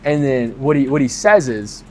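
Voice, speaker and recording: Young guy ranting bout his day, swears a lot, fired up, middling pitch. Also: moderate pace, slight background noise. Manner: profane, animated, exasperated. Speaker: vlogger. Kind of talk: casual storytime.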